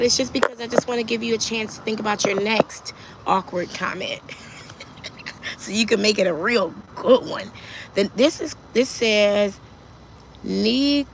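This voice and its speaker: Woman host of a casual live stream, chatty, mid-pitched, answers her chat. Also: a little slow, gravelly, pauses often, very noisy. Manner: chatty, reads viewer comments aloud and answers them. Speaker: livestream host.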